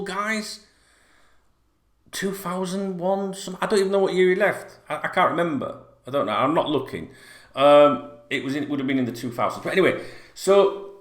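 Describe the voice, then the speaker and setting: Ranting on camera for his football fan channel, a middle-aged host rambles bluntly and swears freely. His voice is medium-pitched and a bit bright, and the room gives it a noticeable echo.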